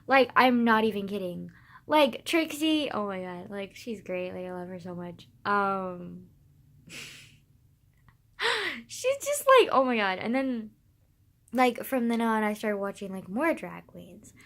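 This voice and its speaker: A teenage girl talking casually to camera, gushing and excitable, full of sighs, fillers and swearing. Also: medium pitch, slow. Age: teens. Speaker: vlogger. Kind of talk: casual rambling vlog.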